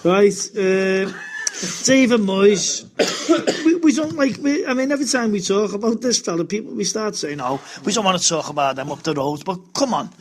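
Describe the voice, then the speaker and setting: A man hosting a casual talk show, halting with many fillers. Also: sits high, expressive. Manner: hesitant, many uhs. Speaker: host. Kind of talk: casual radio chat.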